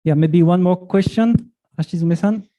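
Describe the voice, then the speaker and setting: Event moderator, high and mellow, chatty and rambling, dry sound. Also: male voice, normal speed, dry recording. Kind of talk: live event hosting.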